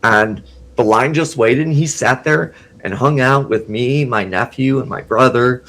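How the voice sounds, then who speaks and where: A man guesting on a podcast, rambling excitedly through a casual story and laughing often. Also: medium pitch, measured pace.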